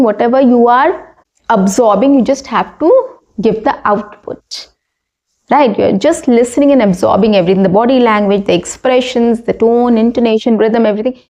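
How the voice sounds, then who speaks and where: A woman's voice: a little high, warm tone. Indian woman coaching spoken English. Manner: coaching, repeats "right?" and lists. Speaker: English teacher.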